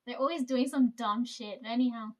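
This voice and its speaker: Young woman, high voice; loose, profane storyteller who laughs often. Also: brisk. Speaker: vlogger. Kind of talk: casual storytelling.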